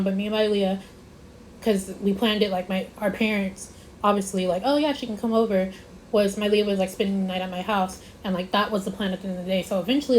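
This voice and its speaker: A woman's voice: mid-range voice, slight background noise, poor audio. A young woman vlogger telling a casual storytime, rambling with lots of "like" and stressing her points. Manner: rambling, repeats herself, lots of "like".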